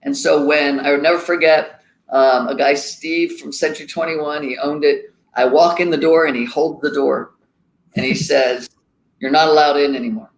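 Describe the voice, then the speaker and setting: A man's voice: on the high side, fairly even intonation, moderate pace, gravelly, a little hiss or hum. A middle-aged man, a company founder, chatting casually as a guest and telling folksy anecdotes. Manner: folksy, tells anecdotes with quoted dialogue. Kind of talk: casual interview chat, storytelling. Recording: echoey room.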